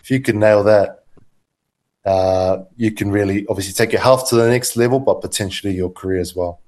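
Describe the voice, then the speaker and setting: A man speaking as a guest on a podcast, giving relaxed, practical health advice. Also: fairly low pitch, a little fast. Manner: relaxed, steady, gives practical health tips. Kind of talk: casual advice in interview.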